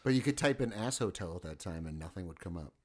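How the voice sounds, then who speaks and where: A podcast co-host with a low-pitched voice chats casually. He rambles, jokes crudely and keeps restarting his sentences. His pitch swings widely as he talks. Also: expressive, fast talker, darkish tone. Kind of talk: casual chat.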